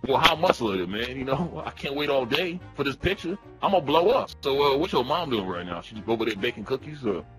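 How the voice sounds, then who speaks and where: A man puts on a crude, shameless young troll who badgers and teases with brash slang. The voice sits at a middling pitch but swings widely in a lively sing-song, with faint music somewhere behind. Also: a little fast, hardly any pauses, lightly acted. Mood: cheeky. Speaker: prank caller in online voice chat. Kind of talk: comedic trolling role-play.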